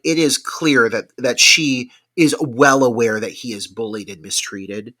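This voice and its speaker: A man's voice: medium pitch, bright, forceful tone. A man co-hosting a film podcast, chatting enthusiastically and swearing freely, laughing along the way. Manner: enthusiastic and profane, laughs often. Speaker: podcast co-host. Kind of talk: casual film-review chat.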